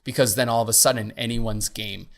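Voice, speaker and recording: A man's voice: medium pitch, fairly even intonation, a little fast, gravelly. A man co-hosting a podcast, talking earnestly and casually, with fillers like "um" and "like.". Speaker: podcast co-host.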